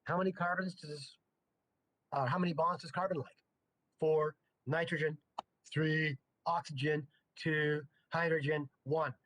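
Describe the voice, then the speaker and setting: A middle-aged man teaching chemistry in a loose, playful lecture style. His voice sits a little high for a man, and he breaks off into chatty jokes between the problems. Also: steady tone, measured pace, fairly bright tone. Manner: joking, chatty asides. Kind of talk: casual lecture.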